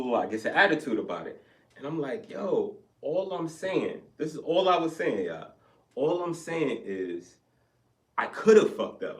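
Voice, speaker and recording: A young man telling a story in a casual podcast chat, animated and profane, acting out both sides of an argument. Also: medium pitch, far from the mic. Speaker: podcast co-host. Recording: echoey room, off-mic.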